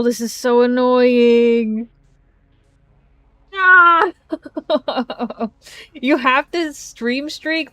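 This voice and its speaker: A woman's voice: medium pitch, dry recording. Chatty woman streamer, rambling and exasperated. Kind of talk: casual live-stream chat. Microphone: desk microphone.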